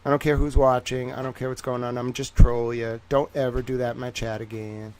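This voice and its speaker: A man's voice: medium pitch, little pitch movement, brisk, a little mellow, a little hiss or hum. A man hosting a casual livestream, speaking in a put-on Southern drawl, playful, teasing and boastful. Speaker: livestream host.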